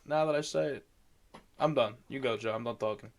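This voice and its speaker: A man's voice: mid-range voice, fairly quick. A man co-hosting a podcast from home, chatting loosely and rambling with some self-deprecating jokes. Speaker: podcast co-host. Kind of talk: casual chat. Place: home computer chair, recording remotely.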